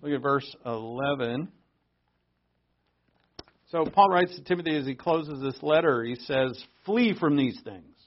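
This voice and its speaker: A man teaching a Bible study in a conversational way, with offhand asides, swinging between loud emphasis and quiet remarks. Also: a little high, lively intonation, a little slow, pauses often. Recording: dull lo-fi recording.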